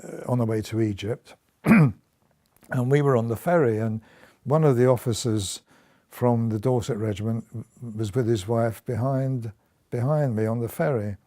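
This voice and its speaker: Here a war veteran, now older, narrates his service for an oral history interview, mixing in laughter and frequent sentence restarts. His mid-range voice has a dark tone and a normal speaking speed.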